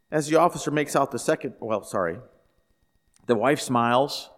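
A man's voice: medium pitch, normal speed. A man pastor giving a sermon in a conversational storytelling way, asking the listeners questions. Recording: echoey hall.

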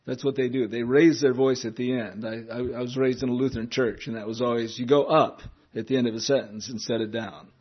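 A man's voice: medium pitch, fairly even intonation, brisk, hardly any pauses, husky. A man giving informal Bible teaching in a conversational way, repeating key words and adding chuckling asides. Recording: dull lo-fi recording.

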